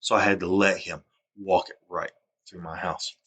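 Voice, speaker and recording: Deep-voiced agitated man rambling to camera. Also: flat delivery, normal speed, slightly rough. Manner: agitated, repeats himself, restarts sentences; voice swings from low mutter to loud. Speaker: vlogger. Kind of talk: rambling personal monologue.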